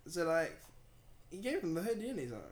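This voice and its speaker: A man's voice: sits high, a little fast, crowd noise. Chatty young man, roomy sound. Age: young adult. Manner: animated storytelling with London slang. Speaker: podcast host. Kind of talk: casual chat. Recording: roomy echo.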